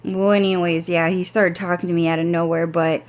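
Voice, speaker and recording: A woman's voice: fairly low pitch, little pitch movement, a little fast. A young woman with a congested, runny nose, telling a rambling story that is full of swearing, fillers and restarts. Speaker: vlogger.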